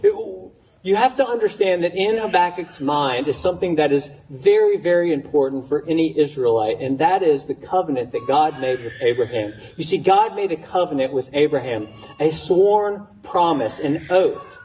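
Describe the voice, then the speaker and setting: Higher-voiced pastor preaching from a distance. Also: male voice, expressive, normal speed, mellow, a little hiss or hum. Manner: conversational preaching, stammering restarts, voicing questions with rising pitch. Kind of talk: sermon. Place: church sanctuary.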